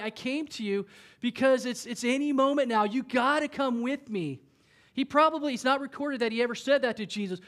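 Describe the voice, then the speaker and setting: High-voiced man preaching a sermon. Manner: conversational preaching, acts out voices of Bible figures. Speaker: pastor. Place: church.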